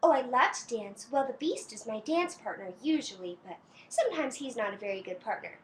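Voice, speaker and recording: A young woman playing a sweet, doting princess in a birthday greeting, talking slowly and sing-song to a small child with soft giggles and pauses for answers. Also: on the high side, animated, lightly acted. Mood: cheerful. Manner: talks slowly to a toddler, pausing for answers. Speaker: costumed princess character.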